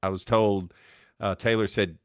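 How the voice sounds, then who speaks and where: A man from North Louisiana with a North Louisiana accent, hosting a casual chat show in an excitable, chatty way with frequent laughs. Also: on the low side, unhurried, smooth, no echo, clean studio sound. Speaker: host.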